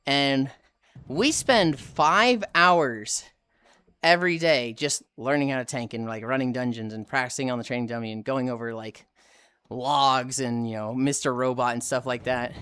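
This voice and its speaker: A woman streamer telling a casual, animated story with lots of swearing, acting out the other people's voices. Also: rumbling low, moderate pace, clean tone. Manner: animated, profane, acts out voices.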